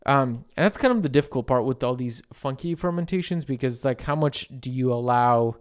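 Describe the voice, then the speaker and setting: Smooth-voiced man co-hosting a podcast. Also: medium pitch, fairly quick. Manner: relaxed, laughing, filler-heavy. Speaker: podcast co-host. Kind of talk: casual podcast chat.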